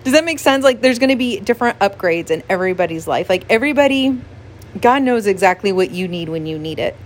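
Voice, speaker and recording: A woman speaking as a pastor's wife in a relaxed devotional talk. Her voice sits at an ordinary middle pitch. She talks earnestly and with feeling, laughs often and leans on "like" as she speaks. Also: quick pace, slight background noise. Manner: emotional, earnest, frequent laughs and "like" fillers.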